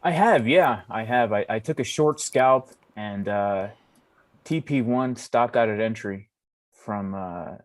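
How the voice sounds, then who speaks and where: A man's voice: lowish voice, slow, no echo. Friendly male guest trader. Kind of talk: live trading stream chat.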